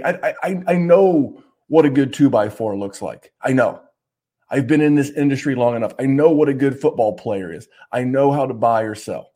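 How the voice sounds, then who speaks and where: A man on a podcast works himself into a swearing rant. He stumbles over repeated restarts as he talks, and his voice sits in a middle pitch that leaps up when he gets angry. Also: moderate pace, dark tone. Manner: fired-up, swearing, stammering restarts; repeats "I, I, I" at starts of lines. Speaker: podcast co-host.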